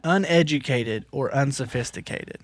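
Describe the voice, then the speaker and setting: A man co-hosting a podcast, talking in an emphatic, teasing, animated way. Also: mid-range voice, moderate pace. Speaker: podcast co-host. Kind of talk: casual podcast chat.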